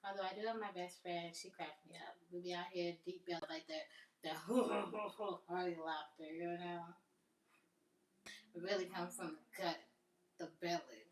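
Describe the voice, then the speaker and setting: A woman's voice: fairly low pitch, steady tone, normal speed. A woman chatting casually on a live stream, rambling and amused by her own jokes. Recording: roomy, distant from the mic.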